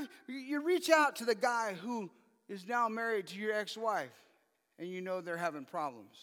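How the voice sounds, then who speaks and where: A man preaching a sermon with a high, bright and forceful voice. He keeps asking his listeners pointed rhetorical questions. His words ring out with the long reverb of a hall. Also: animated, moderate pace. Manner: asks the audience many rhetorical questions. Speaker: pastor.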